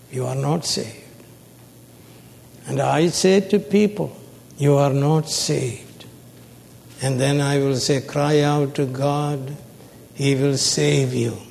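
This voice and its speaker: A man preaching a sermon, slow and emphatic, prompting his listeners with call-and-response questions. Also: a little high, gravelly, a little mellow. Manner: call-and-response, prompting the audience with "what, sir?"; slow, emphatic, stretches key words. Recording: long hall reverb.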